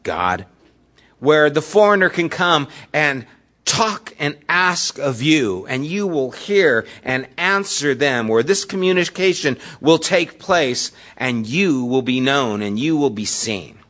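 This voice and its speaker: A man's voice: a little high, sing-song, slow pace, a bit bright. A man preaching a sermon as the pastor, retelling scripture in everyday, conversational words.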